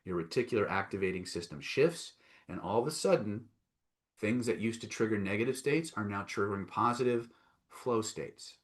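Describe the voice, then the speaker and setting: A man's voice: on the low side, moderate pace. Coaxing man leading a live training. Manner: coaxing, repeats "right?" and "okay?", reads out chat replies. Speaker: self-help trainer. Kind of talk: live online training session.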